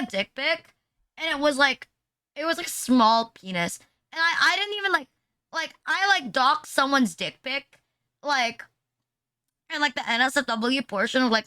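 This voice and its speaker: A woman VTuber chats loosely with her live audience, her voice high and bright. She rambles through crude, mocking jokes, leaning on "like" at every turn. The sound is close and dry, with no room around it. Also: smooth, no echo. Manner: rambling and crude, heavy filler "like"; mocking, teasing banter with chat. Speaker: VTuber streamer. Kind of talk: casual livestream chat.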